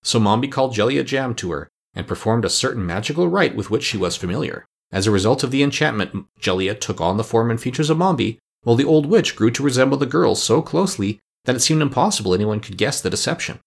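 A man narrating a classic children's storybook in a measured, even reading. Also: medium pitch, gravelly, husky. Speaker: audiobook narrator. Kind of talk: scripted narration.

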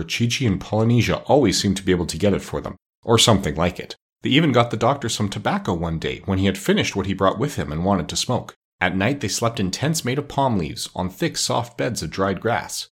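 A man narrating a children's storybook aloud at a steady, unhurried pace. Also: fairly low pitch, husky. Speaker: audiobook narrator.

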